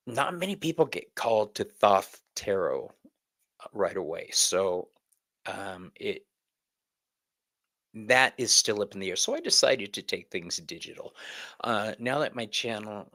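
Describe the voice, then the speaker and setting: A middle-aged man chats loosely on a livestream, greeting viewers one by one and wandering off topic. His voice sits fairly low and comes out gravelly with plenty of fry. He takes his time, speaking at an unhurried pace. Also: pushed and bright, poor audio. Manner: chatty, rambling, greets viewers by name. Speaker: tarot reader hosting a live class. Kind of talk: casual livestream chat.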